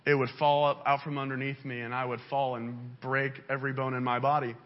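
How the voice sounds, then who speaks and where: A male pastor delivering a sermon in a church, with an impassioned delivery that swings up and down in pitch. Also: flat delivery, brisk. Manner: impassioned, pitch rising and falling widely. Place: church sanctuary. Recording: dull lo-fi sound.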